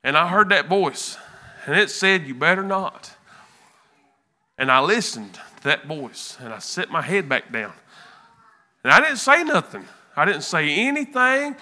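A man giving an emotional church testimony, earnest and halting, often repeating words. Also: fairly high pitch, bright, forceful tone.

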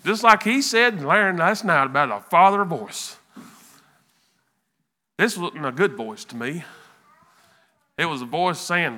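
A man giving an emotional church testimony, earnest and halting, often repeating words. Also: on the high side, lively intonation, bright, forceful tone.

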